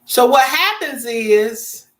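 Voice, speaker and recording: Woman in her fifties, lively swooping pitch, casual live-stream storytelling. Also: takes it slowly. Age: 50s. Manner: animated storytelling, laughing, dramatic swoops. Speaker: vlogger.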